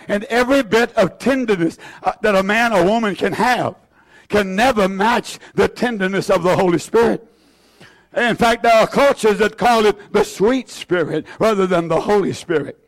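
Fervent high-voiced male preacher. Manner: fervent, repeats phrases, many "uh" fillers; swings between shouting and hushed tones. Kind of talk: impassioned sermon. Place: church.

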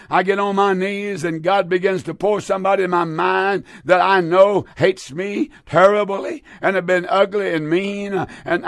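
Man, radio preacher, high pitch, gravelly fry, dry close mic, impassioned, repeating himself. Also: no room sound. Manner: fervent, repeats phrases, drawn-out scripture reading. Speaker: preacher and radio call-in host.

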